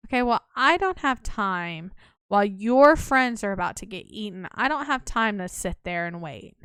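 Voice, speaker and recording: A woman's voice: medium pitch, expressive, moderate pace, fairly bright tone, clean tone, dry recording, clean studio sound. A woman hosting a let's play, chatting through the game in a wry, casual way. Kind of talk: casual gameplay commentary.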